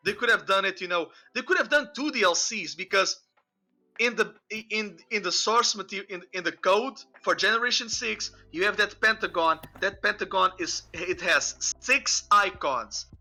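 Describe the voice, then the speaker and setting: Hosting a podcast, a man rambles through casual chat with frequent "you know"s, fillers and restarts. His voice is high-pitched with a sharp tone and a moderate pace, and faint music can be heard behind it.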